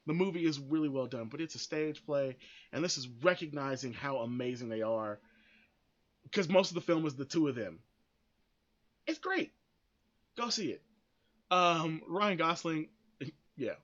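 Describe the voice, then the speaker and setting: A man's voice: fairly high pitch, expressive, unhurried, long pauses, fairly bright tone, muffled recording. A man hosting a podcast, giving blunt, opinionated commentary that rambles with frequent restarts and free swearing. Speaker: podcast host.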